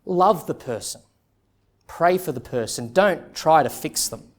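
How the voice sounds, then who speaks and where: A male pastor preaching an expository sermon in an earnest, emphatic way, with dramatic pauses. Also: fairly high pitch, lively intonation.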